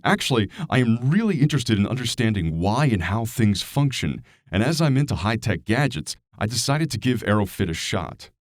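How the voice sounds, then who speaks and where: A man reading a scripted product review as a hired voice actor, in a lively, expressive way. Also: mid-range voice, normal speed, few pauses, no echo, clean studio sound. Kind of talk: scripted narration.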